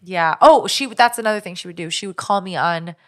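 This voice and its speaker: A woman's voice: on the low side, fairly quick. A woman co-hosting a podcast, telling a personal story in casual, rambling chat full of 'like' and restarts. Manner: chatty, lots of 'like' and restarts, recounting a stalker story. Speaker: podcast co-host.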